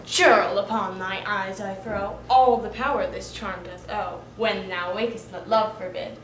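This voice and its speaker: An impish, mischievous sprite creeps about, hushed and playful, acted by a woman. Her voice sits mid-range, and the recording is roomy with clear background noise. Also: medium pitch, steady tone, measured pace, distant mic, close to an everyday voice. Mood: sly. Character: Puck, mischievous sprite servant. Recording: echoey stage recording with noise.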